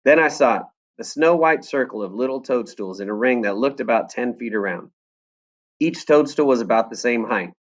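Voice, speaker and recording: A man's voice: mid-range voice, moderate pace. Man reading a novel aloud to class. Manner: expressive storytelling with lively voices.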